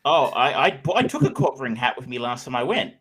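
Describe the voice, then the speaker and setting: A man's voice: mid-range voice, expressive, a little fast, fairly bright tone, slightly rough, poor audio. A middle-aged Australian man co-hosting a podcast in casual chat, rambling with lots of fillers and restarts. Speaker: podcast co-host.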